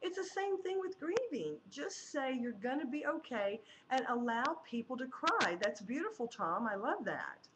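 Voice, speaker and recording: A woman hosting a talk show speaks in a fairly high voice, agreeing warmly and offering gentle advice. A steady hiss of noise runs under her voice. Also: normal speed, few pauses. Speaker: host. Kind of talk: casual talk show chat. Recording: noisy background hiss.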